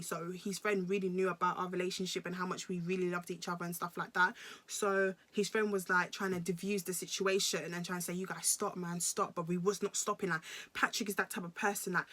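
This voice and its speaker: A woman's voice: lowish voice, a bit bright. A woman in her twenties with a British accent, telling a personal story to her vlog viewers in an emphatic, slangy way, often repeating phrases. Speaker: vlogger.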